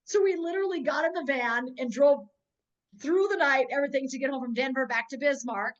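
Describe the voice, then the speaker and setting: Woman, high bright pitch, energetic sales trainer, storytelling, keeps asking "right?", video call. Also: a little fast, lo-fi sound. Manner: lively storyteller, keeps checking in with listeners. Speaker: network marketing trainer. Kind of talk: energetic motivational teaching with stories.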